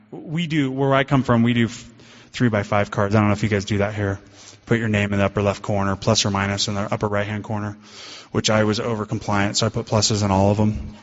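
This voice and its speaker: A man giving a candid, self-deprecating recovery talk to a meeting. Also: on the low side. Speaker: guest speaker at a recovery meeting. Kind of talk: personal recovery talk to a group. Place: meeting hall. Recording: dull lo-fi hall recording.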